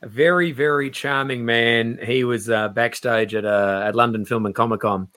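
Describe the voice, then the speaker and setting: A man, a stand-up comedian, chatting on a podcast and acting out quoted people in raised, lively voices. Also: medium pitch, normal speed. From Australia. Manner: animated storyteller, acts out quotes in raised voices. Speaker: comedian guest. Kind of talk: casual podcast chat.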